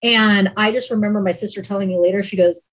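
Woman dispatcher talking openly in an interview, emotional, lots of "like", mid-pitched voice. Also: steady tone, fast, poor audio. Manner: candid and emotional, peppered with "like". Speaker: emergency dispatcher. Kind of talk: personal storytelling in an interview.

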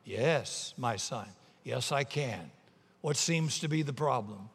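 A man voicing the calm, powerful voice of God answering from the sky. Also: a little high, big-room sound. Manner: calm and measured.

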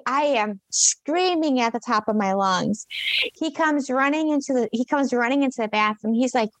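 A woman with a fairly high voice tells a story in a rambling, animated way, full of fillers and false starts. The sound is dry and close, with no room around it. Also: moderate pace, no echo. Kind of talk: casual storytelling chat.

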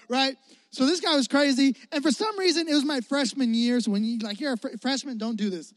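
A young male preacher from the Chicago area with a high voice, telling a story in an animated, joking way and talking straight to his audience. The recording is close and dry. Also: moderate pace, no room sound. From Chicago area, United States. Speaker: youth preacher. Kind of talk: storytelling sermon.

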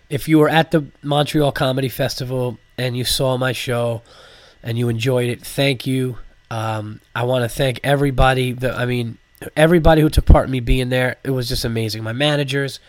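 Man, comedian podcast host, congested from a cold, casual rambling monologue, profane, fillers, mid-pitched voice, dry close sound. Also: no room sound.

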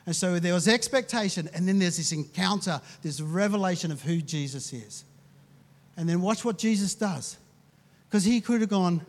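A man's voice: high-pitched, normal speed. A man preaching a sermon as pastor, talking conversationally and acting out the people in the story. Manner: conversational, with restarts and acted quotes. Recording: long hall reverb.

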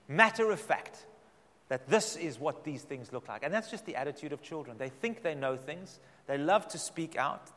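A man's voice: a little high, fairly bright tone. Man preaching in a reverberant hall. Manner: dramatic emphatic preaching, drawn-out repeated phrases. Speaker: pastor. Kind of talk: sermon.

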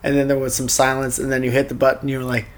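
A man's voice: mid-range voice, completely flat delivery, very fast. A man co-hosting a podcast in a casual, jokey chat, teasing his co-host with playful wordplay.

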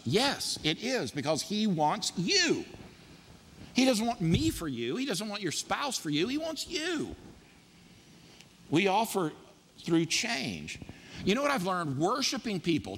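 A man's voice: mid-range voice, fairly bright tone, big-room sound, slight background noise. A man preaching to his congregation in an emphatic, punchy style, with lots of repetition. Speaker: pastor. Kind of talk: sermon. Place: church sanctuary.

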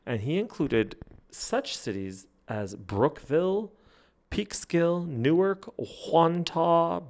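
Gravelly-voiced man in chatty banter. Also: mid-range voice. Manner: gossipy, animated storyteller, laughs often. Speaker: podcast host. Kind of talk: casual chat.

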